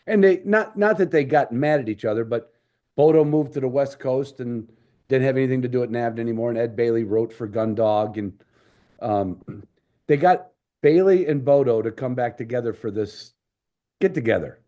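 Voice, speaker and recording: A man's voice: mid-range voice, moderate pace, mellow. A man hosting a podcast, telling stories in a casual, rambling way with many restarts. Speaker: podcast host. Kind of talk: casual storytelling chat.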